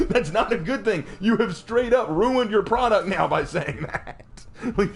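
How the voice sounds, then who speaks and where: A man streaming a game, ranting casually in an animated, mocking way, with frequent restarts and stammered repeats. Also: high-pitched, normal speed, gravelly, hardly any pauses, soft background music.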